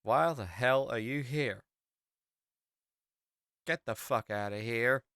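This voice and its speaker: A man's voice: medium pitch, slow, fairly bright tone, smooth, dry recording, studio quality. An English man voicing a blunt, folksy small-town American gas station owner with an incredulous drawl.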